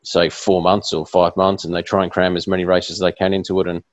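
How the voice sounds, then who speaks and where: Deep-voiced man, rambling casual chat. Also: flat delivery, fairly quick, no room sound, lo-fi sound. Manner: rambling, many restarts and fillers. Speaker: podcast host. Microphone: video call.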